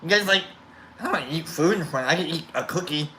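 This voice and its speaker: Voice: mid-range voice, quick pace, sharp tone, slight background noise. A live-stream host chatting loosely with viewers, rambling with many restarts and fillers.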